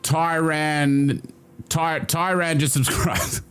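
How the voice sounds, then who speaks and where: A man's voice: deep voice, sing-song, normal speed. A man with an Australian accent hosting a casual livestream chat, reading his chat aloud, swearing freely and laughing often. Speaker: livestream host.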